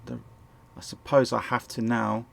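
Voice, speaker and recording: A man with a sore throat and a croaky voice, rambling and correcting himself as he casually talks through a management game at home. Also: mid-range voice, sing-song, normal speed. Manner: rambling, self-correcting, chuckles often. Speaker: gameplay commentator. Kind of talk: casual game walkthrough commentary. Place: home, indoors.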